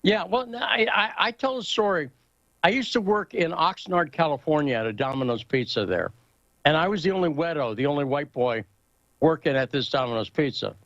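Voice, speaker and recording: A man's voice: a little high, expressive, brisk, fairly bright tone, no room sound, lo-fi sound. Rambling, story-telling male talk show host. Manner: rambling, anecdotal, asks for agreement. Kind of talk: casual political talk show chat.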